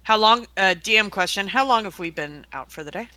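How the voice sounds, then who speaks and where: Tabletop player, bright voice, eager casual chat. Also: mid-range voice, animated, fast talker, dry recording.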